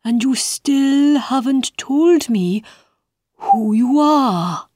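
A woman doing a squeaky, drawling caterpillar. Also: animated, darkish tone, dry recording, studio quality, full character voice. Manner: drawn-out, slow squeaky exclamations. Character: fussy contrary male caterpillar, sleepy. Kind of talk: storybook reading.

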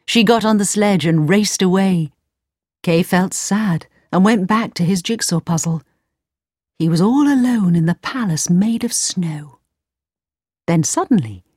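A woman narrating a storybook in a clear, measured way. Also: medium pitch, darkish tone, no room sound, clean studio sound. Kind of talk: storybook reading.

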